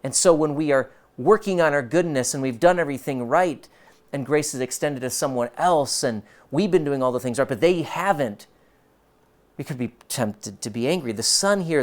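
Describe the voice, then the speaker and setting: A man preaching a sermon at a middle pitch. His delivery is emphatic, rising to forceful stretches and then dropping soft for weight. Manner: emphatic, shifts between soft and loud. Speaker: pastor.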